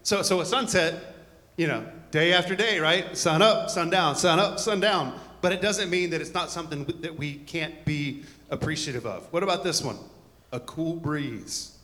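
A man's voice: a little high, normal speed, pushed and bright, in a large hall. A man preaching a conversational sermon to a congregation, full of joking asides and rambling stories. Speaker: pastor.

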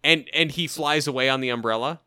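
A man's voice: mid-range voice, fairly quick, bright, forceful tone, clear, resonant tone. A man co-hosting a podcast, riffing animatedly and swearing casually in loose conversation. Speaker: podcast co-host. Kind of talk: casual chat.

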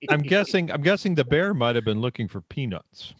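A man's voice: fairly high pitch, very animated, a little fast, a bit bright, slight background noise. A man on a comedy talk show, dropping wry one-line quips. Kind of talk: casual comedic chat.

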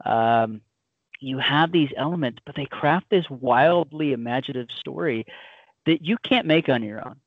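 A man's voice: medium pitch, moderate pace, no echo. Rambling man on a dull-sounding mic. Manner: enthusiastic, rambling, filler-heavy. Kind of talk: casual podcast chat.

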